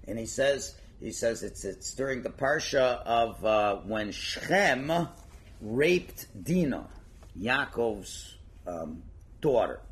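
Animated man telling a story with lively pitch. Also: slow. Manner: animated, acting out characters, frequent fillers. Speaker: storyteller and teacher. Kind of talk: casual spoken storytelling lesson.

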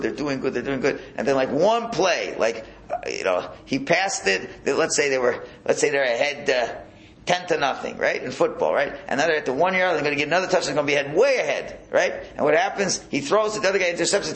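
A man's voice: on the high side, fairly bright tone. A man teaching a Torah class as a rabbi, talking in a conversational way and asking the room rhetorical questions.

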